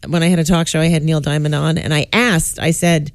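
Gravelly-voiced woman telling stories. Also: low voice, quick pace, few pauses, no room sound. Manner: animated storyteller, self-mocking jokes. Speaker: guest actress. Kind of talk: casual talk-show chat.

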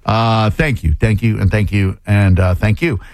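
A man's voice: on the low side, steady tone, moderate pace, darkish tone, dry recording. A man hosting a casual on-air interview at a studio microphone, rambling and joking at his own expense. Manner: joking, rambling, self-deprecating. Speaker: radio host.

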